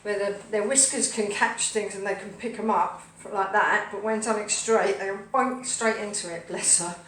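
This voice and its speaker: A woman's voice: mid-range voice, steady tone, normal speed, a bit bright. Chatty woman cooking live, echoey kitchen. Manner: rambling, cheerful, talks to her pets and viewers. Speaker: host of a live cooking stream. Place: home kitchen, indoors. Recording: echoey kitchen, from a distance, faint hum.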